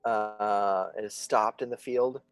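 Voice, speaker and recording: A man narrating as game master of a tabletop game, often pausing and restarting as he searches for words. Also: lowish voice, fairly even intonation, clear, resonant tone, dry recording, soft background music.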